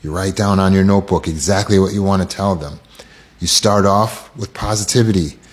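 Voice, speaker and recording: A man's voice: deep voice, brisk. A man with an American accent giving a casual self-help talk, acting out quoted lines in shifting voices.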